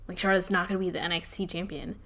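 A woman's voice: lowish voice, level tone, very fast, crowd noise. Blunt, dismissive woman. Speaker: podcast co-host. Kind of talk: casual wrestling chat.

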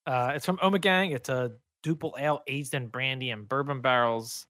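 A man's voice: mid-range voice, very animated, normal speed, a bit bright, dry recording, studio quality. Joking man in casual beer chat. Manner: joking, teasing banter. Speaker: podcast co-host.

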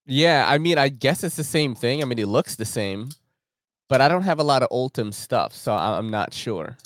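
Brief: easygoing male host, mid pitch, lively intonation, dry sound. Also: normal speed, no room sound. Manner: laid-back, laughs often, slangy. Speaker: podcast host. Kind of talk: casual podcast chat.

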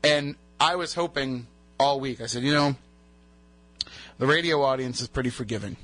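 Chatty New radio host. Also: male voice, medium pitch, normal speed, fairly bright tone. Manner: chatty, rambling storyteller. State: recovering from a lost voice. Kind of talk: casual radio banter.

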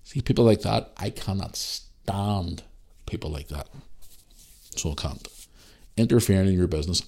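A man in his thirties hosting a casual podcast, telling a story in an animated, ranting way and swearing freely. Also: low-pitched. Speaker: podcast host.

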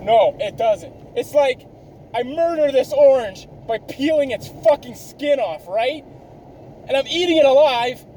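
A high-voiced man in his thirties rants through a solo podcast, swearing at every turn and mocking himself. His tone is dark and mellow. Faint traffic noise hums behind him. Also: animated, unhurried, poor audio. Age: 30s. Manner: ranting, swears constantly, self-mocking. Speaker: podcast host. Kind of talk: profane rambling monologue.

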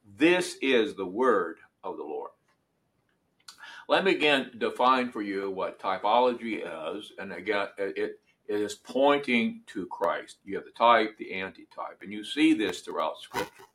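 A man preaching a sermon, reading scripture aloud in a deliberate way and lifting his voice for emphasis. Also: fairly low pitch, lively intonation, a bit bright.

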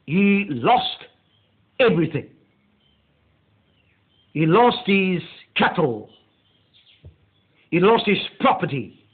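A male pastor delivering a meditative sermon, slow and deliberate, leaning hard on key words. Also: sits high, husky. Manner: slow, deliberate preaching with drawn-out emphasis. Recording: tinny phone-like audio.

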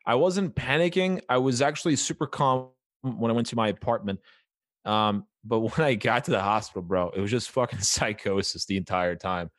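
A man's voice: mid-range voice, moderate pace, no room sound, studio quality. A young man in his twenties telling a story in casual chat, swearing freely, laughing mid-story and acting out what people said.

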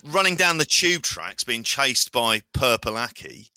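A man's voice: medium pitch, very animated, a little slow, pushed and bright, dry recording. A man co-hosting a casual chat podcast, joking and teasing playfully. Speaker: podcast co-host. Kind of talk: casual banter.

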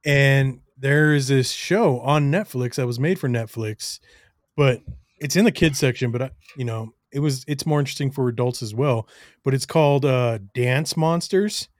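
A man's voice: medium pitch, normal speed, dry recording. Rambling man with a dry sound. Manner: rambling, full of fillers and "right?". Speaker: podcast guest. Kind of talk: casual chat.

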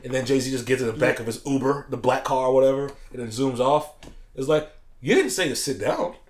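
A man co-hosting a casual podcast, joking and animated, often acting out quoted people. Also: mid-range voice, fairly quick. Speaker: podcast co-host. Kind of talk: casual chat.

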